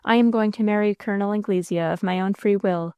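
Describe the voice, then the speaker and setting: A desperate young woman from an old romance speaks through sobs and falters, as a woman narrator puts her on. The voice is smooth and clear, recorded close and dry. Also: mid-range voice, fairly even intonation, fast, darkish tone, no echo, natural voice. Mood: anguished. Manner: sobbing, faltering.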